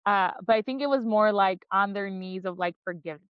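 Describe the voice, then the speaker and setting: A woman's voice: mid-range voice, normal speed, clean tone, no echo, dull audio. A woman hosting a book podcast, chatting casually and enthusiastically as she summarizes chapters, full of "like" fillers. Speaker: podcast host.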